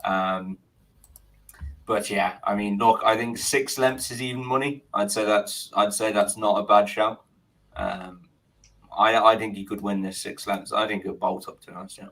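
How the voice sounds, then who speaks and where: A man co-hosting a betting podcast, relaxed and measured with plenty of hesitations. His voice is low yet bright in tone. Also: rough recording. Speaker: podcast co-host. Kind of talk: casual betting chat.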